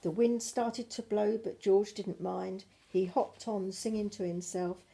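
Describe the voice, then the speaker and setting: An older woman reading a picture book aloud to her grandchildren, with gentle, chatty asides. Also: medium pitch, fairly even intonation, measured pace, gravelly, husky.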